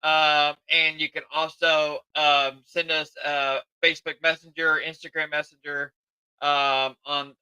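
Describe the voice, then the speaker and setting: A man's voice: a little high, little pitch movement, measured pace, pushed and bright, clear, resonant tone, dry recording, rough recording. A man hosting a live podcast in a chatty, eager way, admitting he's tired. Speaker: podcast host. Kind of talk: casual live podcast chat.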